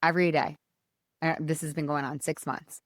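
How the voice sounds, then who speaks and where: This podcast host is a woman talking casually and energetically about motivation, frequently addressing listeners as "you guys." Her pace is moderate and her voice shows little pitch movement overall, though her bubbly, chatty manner brings some swings. The sound is clean studio audio with no room echo.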